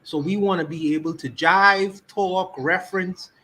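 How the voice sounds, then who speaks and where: Bahamian man on a podcast livestream, high voice, forceful and repetitive. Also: fairly even intonation, unhurried, poor audio. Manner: emphatic, repeats key words for stress.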